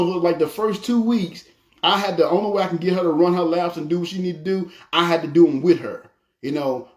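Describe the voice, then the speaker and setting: Middle-aged preacher, higher voice, folksy storyteller, echoey room. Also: male voice. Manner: folksy, animated storytelling with acted family quotes. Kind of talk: conversational sermon.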